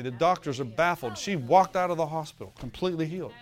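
A man's voice: on the high side, lively intonation, quick pace. A male pastor preaching a sermon, telling a story and often asking the congregation for an amen, with a laugh now and then.

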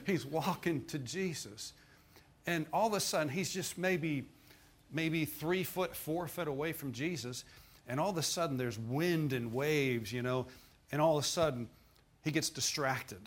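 A man preaching a sermon in a folksy, dramatic way, often laughing and breaking into sudden loud bursts. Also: mid-range voice. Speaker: pastor.

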